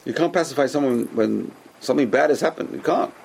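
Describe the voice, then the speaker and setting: A man teaching a Torah class as a rabbi, animated and repetitive, who keeps asking rhetorical questions and answering them himself. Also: medium pitch, quick pace, gravelly, a little hiss or hum.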